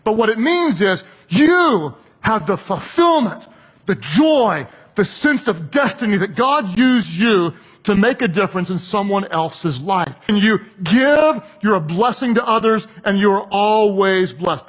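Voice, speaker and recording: A man's voice: sits high, expressive, a little slow, a bit bright. A male preacher telling a personal story in a sermon, conversational, acting out the people he quotes. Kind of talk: sermon illustration.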